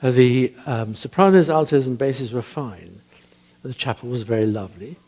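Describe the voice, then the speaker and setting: An older man with a husky voice, a church composer telling chatty anecdotes about music, hesitant with frequent ums. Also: mid-range voice, moderate pace, a little mellow. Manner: chatty, hesitant with many ums, laughs at his own stories. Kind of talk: anecdotal talk.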